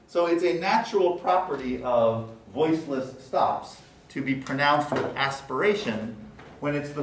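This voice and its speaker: A man lecturing on phonetics, speaking deliberately and repeating example words to demonstrate sounds. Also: a little high, slight background noise. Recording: echoey room, mic at a distance, faint ambience.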